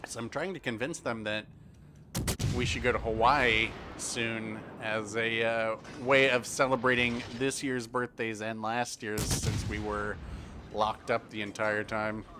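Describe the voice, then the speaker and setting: A man's voice: fairly low pitch, level tone, measured pace, noisy background. A man chatting casually during a live game stream, joking and laughing often between comments.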